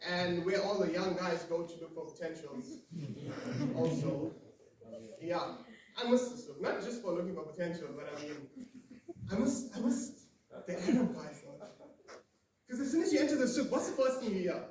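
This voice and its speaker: A man's voice: sits high, lively intonation, normal speed, long pauses. A young South African man in his twenties doing his first stand-up set, chatty and loose, talking to the crowd. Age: 20s. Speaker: stand-up comedian. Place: live comedy room. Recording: echoey room, mic a bit far.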